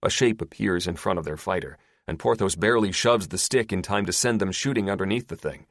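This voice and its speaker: A man's voice: low-pitched, fairly quick, a bit bright, no room sound, studio quality. A man narrating an action-heavy audiobook in a dramatic, scripted style.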